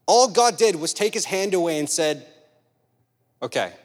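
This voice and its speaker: A young man preaches in a church hall, his talk casual and storytelling but pressing the same point again and again. His voice sits a bit high, and a long reverb trails each phrase. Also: moderate pace. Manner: conversational storytelling, emphatic repeated points. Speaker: pastor. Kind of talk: sermon.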